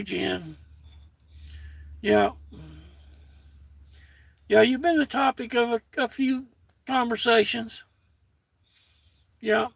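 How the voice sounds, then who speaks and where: Speaking in a high, husky voice with vocal fry and no room sound, this older American livestream host keeps things folksy. He reads out comments from viewers and treats the chat warmly as he talks casually.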